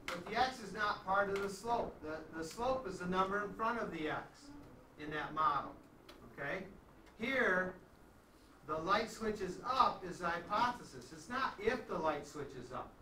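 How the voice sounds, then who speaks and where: Recorded from far off in an echoey classroom with slight background noise, a man with a high, sharp voice teaches math. His lecture is conversational, and he frequently checks in with his students.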